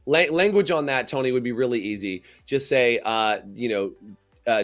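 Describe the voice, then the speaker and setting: A man's voice: mid-range voice, normal speed, faint music behind. A man co-hosting a salon business talk show, giving casual advice and acting out little example scenes. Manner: animated, acts out little scenes.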